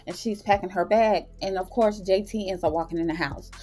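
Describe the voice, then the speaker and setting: A woman's voice: mid-range voice, fairly quick, warm tone, soft background music. A woman hosting her own review channel, chatting through a TV episode recap with dramatic retellings and slangy asides. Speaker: TV and film review channel host.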